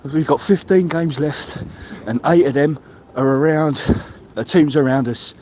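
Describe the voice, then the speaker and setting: A man's voice: measured pace, dull audio, slight background noise. Swearing man ranting on voicemail. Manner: heated, swearing, builds to shouting pitch. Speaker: caller leaving a voicemail. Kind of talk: angry football fan rant.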